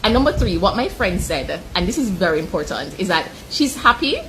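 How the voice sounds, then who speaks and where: A woman from Jamaica giving an emotional, chatty sports reaction full of "like" and quick laughs. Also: lowish voice, sing-song, a bit bright, slight background noise. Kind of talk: casual chat.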